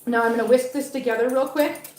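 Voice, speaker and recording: Her voice is a little high, steady and darkish, and she talks at a quick pace while cooking on a livestream in her home kitchen. The cat vlogger teases viewers and coos at her cats, in a rough, roomy recording with a little hiss or hum.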